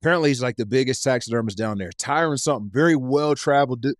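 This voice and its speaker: A man's voice: mid-range voice, quick pace, no room sound, studio quality. A man from East Tennessee, a podcast guest telling stories in casual chat and swearing freely. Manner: profane, animated storyteller.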